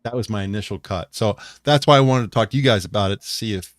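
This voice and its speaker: Low-voiced man in dry casual chat. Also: quick pace, no echo. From United States. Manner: rambling, jokey, greets chat viewers. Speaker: podcast co-host.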